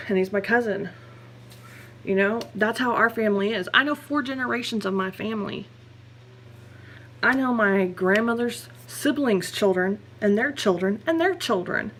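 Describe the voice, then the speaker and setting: A young woman speaks candidly into her camera in a personal vlog. Her voice sits at a middle pitch, and she rambles and corrects herself. Faint background noise sits under the recording. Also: a bit bright. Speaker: vlogger.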